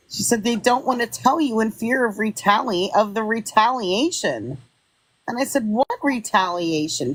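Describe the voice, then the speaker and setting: A woman's voice: medium pitch, dry recording, rough recording. A woman, a content creator, retelling an online argument and reading the messages aloud in an exasperated, incredulous way.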